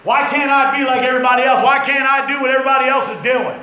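A man's voice: extremely high pitch, fast talker, hardly any pauses, a little hiss or hum. Echoey middle-aged preacher man, folksy. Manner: folksy storytelling with sudden loud outbursts. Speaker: pastor. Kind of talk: sermon. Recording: very echoey church hall.

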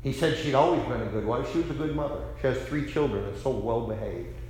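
A middle-aged male pastor preaching a revival sermon, telling a story with fervor, rising to loud declarations and dropping to hushed quotes. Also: mid-range voice, expressive, fast talker, a little hiss or hum. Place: large church sanctuary. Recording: very echoey church hall reverb.

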